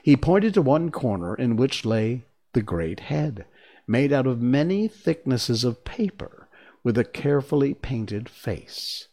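A man narrating a storybook in a calm, measured way. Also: mid-range voice.

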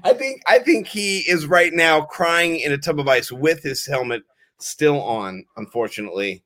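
A man in his thirties co-hosts a casual podcast with a fairly high voice. He tells rambling, animated stories and swears now and then. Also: moderate pace. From Maryland, US. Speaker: podcast co-host. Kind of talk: casual chat.

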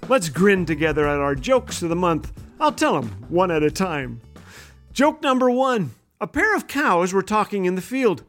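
A man hosting a humorous devotional radio talk, telling jokes and doing animated voices for the people in them. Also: high voice, moderate pace, faint music behind. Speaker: radio host.

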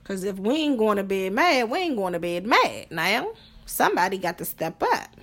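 A woman's voice: medium pitch, very animated, moderate pace, fairly bright tone. Blunt, profane woman podcaster. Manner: blunt, profane, rhetorical questions. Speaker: podcast host. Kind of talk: casual monologue on relationships.

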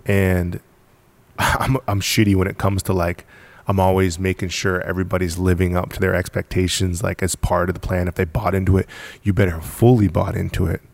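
A man's voice: low voice, little pitch movement, a little fast, gravelly, no echo. A man from the United States, a podcast guest, telling his story bluntly and casually, swearing now and then and laughing between points. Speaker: podcast guest, apparel company founder.

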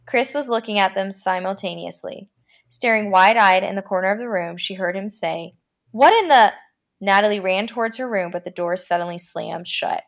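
Woman podcast host reading creepy stories, gravelly voice, draws out the scary bits. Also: medium pitch, fairly even intonation, fairly bright tone. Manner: dramatic reading, slows down for creepy lines. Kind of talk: reading a horror story aloud.

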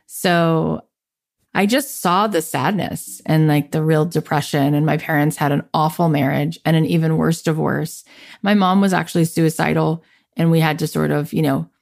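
A woman's voice: low voice, creaky. A woman in her thirties, a podcast guest, telling her life story in an interview and acting out what people said to her. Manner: animated, acts out quoted voices in her story.

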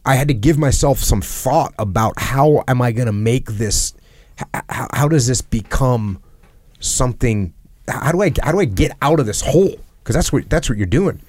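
A man's voice: mid-range voice, normal speed, a little mellow, dry recording. A man hosting a podcast, talking earnestly in a reflective conversation and repeating phrases for emphasis. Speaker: podcast host. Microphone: headset.

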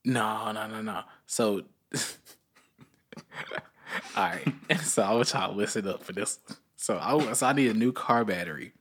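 A young man co-hosting a podcast, chatting casually and telling a long story, often jumping into high voices to quote people. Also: moderate pace, slightly rough. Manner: animated storyteller, jumps into high-pitched voices when quoting people. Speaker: podcast co-host.

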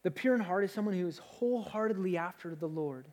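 A man's voice: high-pitched, fast, darkish tone. A young man preaches a sermon with energy, speaking in a conversational way. He often stops to restart a phrase before pressing on. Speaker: pastor.

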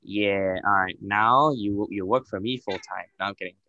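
A man's voice: fairly low pitch, normal speed, pushed and bright, lo-fi sound. A young man co-hosting a podcast in casual, joking chat, swearing freely and using lots of fillers. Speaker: podcast co-host.

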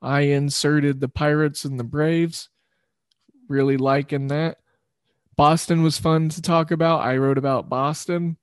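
A man's voice: on the high side, fairly even intonation, a little slow, clear, resonant tone, dry recording, studio quality. A man hosting a sports betting show, rambling loosely through picks and correcting himself as he goes. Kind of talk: casual sports betting talk.

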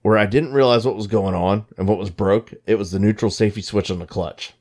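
A man in casual chat, telling stories in an animated, profane way. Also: fairly low pitch, a little fast.

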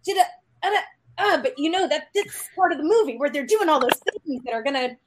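A woman's voice: high voice, expressive, quick pace, noisy background. A woman, a panel guest, telling a casual story and acting out quoted lines of dialogue. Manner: anecdotal, acts out quoted dialogue.

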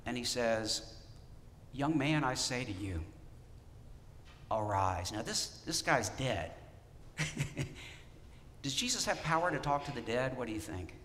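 Animated male pastor preaching in a hall. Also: medium pitch, a little hiss or hum. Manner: animated, asks the congregation questions. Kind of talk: sermon.

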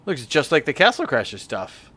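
A podcast co-host chats casually about a game he found, rambling a bit with fillers and self-corrections. His voice sits on the high side and swoops wildly in pitch, pushed and bright, at a normal speed.

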